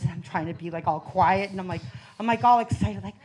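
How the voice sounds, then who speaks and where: A woman's voice: medium pitch, fairly quick, breathy edge. A woman doing a stand-up comedy set on a club stage into a handheld mic. She is brash and profane, and she laughs through her lines. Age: 40s.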